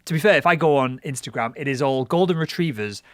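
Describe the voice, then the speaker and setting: A hoarse man co-hosting a casual chat, choosing his words carefully and hedging his points. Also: medium pitch, fast talker, no echo. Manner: careful, hedging, self-explaining. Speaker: co-host.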